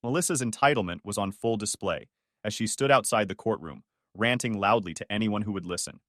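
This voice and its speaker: A man narrating a first-person family drama story in an expressive, storytelling manner. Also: on the low side, brisk, dry recording, clean studio sound.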